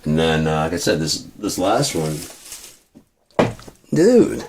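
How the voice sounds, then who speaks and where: A man's voice: extremely low pitch, big pitch swings, slow pace, darkish tone, slight background noise. A man venting in a rambling, profane monologue with many restarts. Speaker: vlogger.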